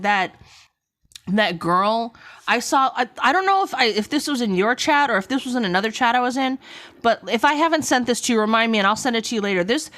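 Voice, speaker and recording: A woman chatting casually on a live stream, rambling and cutting herself off mid-thought. Her voice swings widely in pitch, and coughs break up her talk now and then. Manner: rambling, animated, frequent self-interruptions. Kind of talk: casual live-stream book critique chat.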